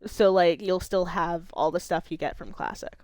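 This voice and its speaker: A woman's voice: lowish voice, normal speed, a little mellow, no echo. A woman streamer chatting casually and eagerly explaining a game's rules to her co-player. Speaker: streamer running the game. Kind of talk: casual gaming chat.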